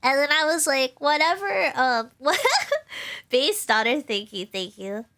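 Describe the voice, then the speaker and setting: A woman's voice: high voice, unhurried, bright, forceful tone. A young woman streaming, chatting casually in a rambling way, with lots of fillers and laughter. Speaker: VTuber streamer.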